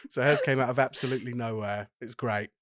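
A man's voice: mid-range voice, fairly even intonation, fast talker. An enthusiastic man, a player in a tabletop game, chatting casually. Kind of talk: casual chat.

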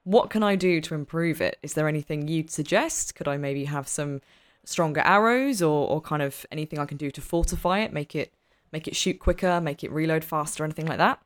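A woman playing a tabletop role-playing game, excitable and chatty, laughing often. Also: low-pitched, a little fast. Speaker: player. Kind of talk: tabletop role-play chat.

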